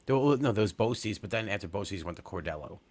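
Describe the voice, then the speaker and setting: His voice is on the low side with a darkish tone, expressive and fairly quick. He's a Long Island, New York co-host in his forties, rambling through a profane comedy-podcast story riddled with fillers and restarts.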